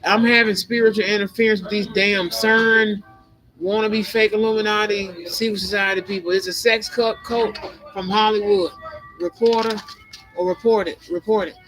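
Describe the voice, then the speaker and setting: A woman's voice: medium pitch, steady tone, moderate pace, a bit bright, low-quality recording. Woman, spiritual vlog host, rambling conspiratorial talk, mid-range voice, music playing behind. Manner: conspiratorial, meandering, laughs between thoughts. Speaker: tarot and spiritual channel host.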